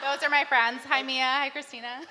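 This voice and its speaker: A woman in her thirties, a guest on stage, speaking briefly and softly. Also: high-pitched, little pitch movement, a little fast, over a noisy crowd. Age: 30s. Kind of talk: casual chat. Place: theater stage before a live audience. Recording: reverberant live venue.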